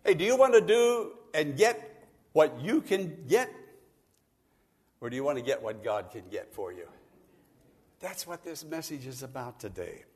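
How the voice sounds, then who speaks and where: A man's voice: on the high side, big pitch swings, measured pace, pauses often, a little mellow, slightly rough, long reverb tail. A man preaching a sermon as pastor, building to emphatic bursts. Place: church.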